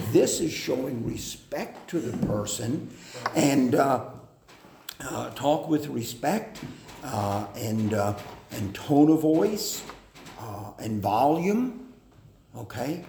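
A man preaching a sermon on family life, slow and deliberate, with hesitant fillers. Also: medium pitch, vocal fry, warm tone. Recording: echoey hall with faint noise.

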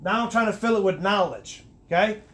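A middle-aged man giving a personal testimony in a conversational interview, earnest, with many restarts, rising and getting animated at emphatic points. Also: sits high, a little fast. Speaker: guest sharing his testimony.

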